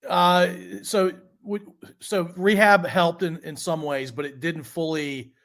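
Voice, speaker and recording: Podcast host guy, slightly high voice, keeps summing up what the guest said. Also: steady tone, slow pace, fairly bright tone. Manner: summarizes and rephrases the guest's points. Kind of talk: interview questions.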